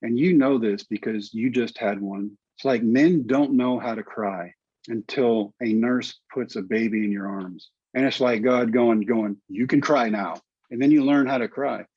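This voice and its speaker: A middle-aged man from Texas tells a long personal story, slipping into the voices of the people he quotes. His voice is a bit husky at a middle pitch. The recording is dry and somewhat dull. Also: normal speed, no room sound. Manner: animated storyteller acting out dialogue. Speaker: guest storyteller. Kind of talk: storytelling in conversation.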